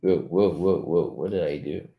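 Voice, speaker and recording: A man whose first language is French, chatting casually as a trading coach while he reads charts live, loose-tongued and quick to chuckle. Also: low-pitched, phone-quality sound, a little hiss or hum. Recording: roomy echo.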